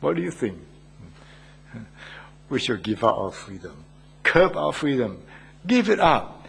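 A man's voice: mid-range voice, sing-song, unhurried, creaky, a bit bright, breathy edge. An older man, a church elder, preaching an earnest sermon and asking his listeners questions. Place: Australia.

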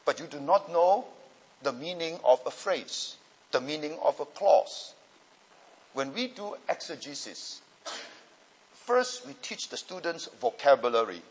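Unhurried yet very animated, this man speaks in a slightly high voice with a breathy edge. The pastor and Bible teacher handles student questions in a teaching session, explaining thoroughly and often asking if listeners are following. The audio has a long hall reverb.

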